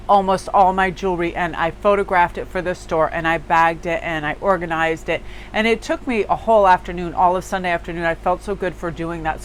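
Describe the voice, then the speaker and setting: A woman's voice: fairly low pitch, slight background noise, poor audio. A woman in a casual daily tarot reading, chatty and emphatic, with lots of filler words. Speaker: tarot reader and small business owner.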